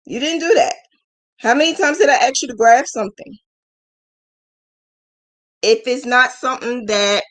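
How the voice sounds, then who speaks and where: A woman with a fairly high voice talks frankly and emotionally to her viewers as a business mentor, scolding with affection. She tells stories animatedly, throwing her voice up high whenever she acts out other people. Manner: animated storytelling, acting out quoted voices with big pitch jumps. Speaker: business mentor and crochet channel host. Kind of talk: live-stream mentoring talk.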